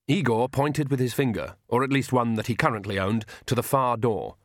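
A man reads a story aloud in measured, wry scripted narration. His voice sits at a middling pitch, recorded on a close mic with a dry, dead sound. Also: dry recording. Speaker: audiobook narrator.

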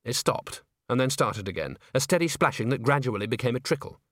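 A man narrating a story aloud in an expressive, scripted reading. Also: mid-range voice, brisk, no room sound, studio quality. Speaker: audiobook narrator.

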